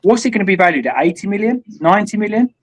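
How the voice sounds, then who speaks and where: A man arguing his opinions forcefully as a guest on a casual fan show. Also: sits high, expressive, racing, poor audio. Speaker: panel guest. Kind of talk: casual fan podcast chat.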